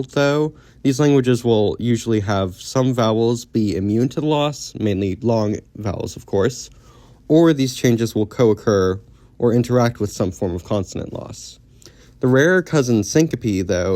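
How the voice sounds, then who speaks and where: A man narrating a scripted educational video on linguistics in a measured, explanatory way. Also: on the low side, mellow, no echo.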